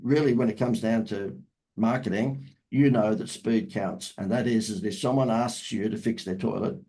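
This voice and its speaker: A man's voice: fairly low pitch, moderate pace, dark tone, low-quality recording. A man, a marketing expert talking as an interview guest in a salesy, emphatic way that repeats phrases. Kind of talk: casual interview talk.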